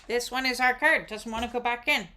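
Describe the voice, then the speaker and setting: A woman giving a casual, reflective oracle card reading, with expressive asides and casual swearing. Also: on the high side, a little fast.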